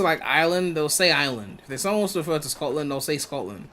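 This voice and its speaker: A man's voice: fairly high pitch, lively intonation, fast talker, pushed and bright. A young man from the UK with a mixed British and West African accent, casually rambling and swearing as he streams a game. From United Kingdom. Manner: laid-back, swears freely, rambling asides. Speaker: gaming streamer. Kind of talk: casual live-stream commentary.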